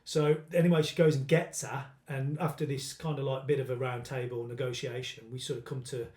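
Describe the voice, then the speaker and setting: A man's voice: medium pitch, little pitch movement, fairly quick, dark tone. A British man on a comedy podcast, telling a crude story in casual banter and acting out the quoted lines. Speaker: podcast host. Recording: echoey room.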